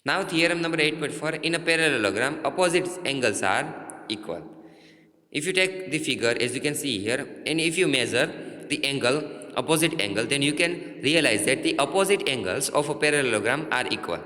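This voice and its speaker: A man with an Indian English accent teaching a maths lesson, halting and repeating himself with many fillers. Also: mid-range voice, lively intonation, pushed and bright. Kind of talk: classroom lesson. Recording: roomy echo, long reverb.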